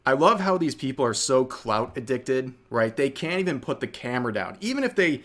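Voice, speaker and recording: A man talking over a clip in an easy, conversational way, with a voice at an average pitch. His remarks are sarcastic and mocking. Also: big pitch swings, a little fast, fairly bright tone. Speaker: reaction commentator. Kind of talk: casual reaction commentary.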